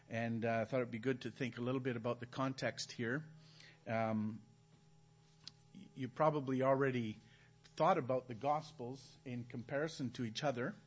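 A man preaching at a chapel, teaching from the Gospels in a conversational way and putting questions to his listeners. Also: mid-range voice. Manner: asks the audience questions, conversational. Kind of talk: Bible teaching. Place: church hall.

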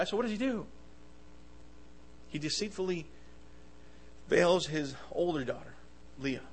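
A man preaching a sermon with passion, swinging between loud bursts and soft asides, often stammering and restarting his words. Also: a little high, expressive, unhurried, pauses often, slightly rough, poor audio.

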